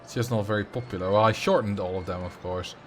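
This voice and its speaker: A man's voice: on the low side, steady tone, fast talker. A man streaming a game live, chatting casually and rambling as he answers his chat. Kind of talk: casual live gameplay commentary. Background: faint game music.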